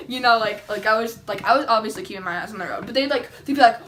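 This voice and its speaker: A teenage girl chatters through a casual storytime vlog, her high voice bright and sharp. She rambles, giggles and fills her talk with "like" and "um". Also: fast talker. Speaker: vlogger.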